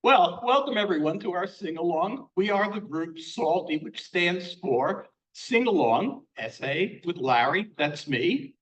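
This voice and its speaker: A man's voice: high-pitched, lively intonation, unhurried, hardly any pauses, fairly bright tone, dull audio. Older man hosting a sing-along. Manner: chatty, joking, self-deprecating.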